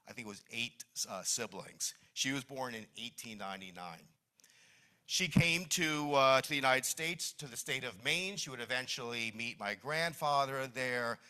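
Middle-aged man, church speaker, bright tone, fond and halting. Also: mid-range voice. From New Jersey. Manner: warm, reminiscing, with many restarts. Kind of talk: Mother's Day church talk. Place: church meeting hall.

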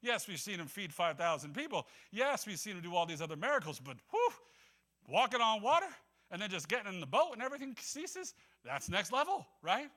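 A man delivering a sermon in a relaxed, talky way, his voice bright and sitting a bit high. He slips into the voices of the people in the story and laughs easily along the way. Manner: conversational, acts out scripture voices, laughs often. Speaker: preacher.

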